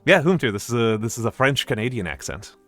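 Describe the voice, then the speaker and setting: A man's voice: medium pitch, sing-song, fast, fairly bright tone, no echo, faint music behind. A man, hosting a stream and chatting casually, rambling with lots of fillers and restarts. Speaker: streamer host. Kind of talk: casual chat.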